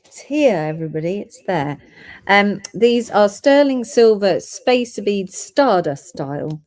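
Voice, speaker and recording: A woman's voice: mid-range voice, animated, measured pace, darkish tone. A woman hosting a live gem sale, chatting and reading out orders and codes.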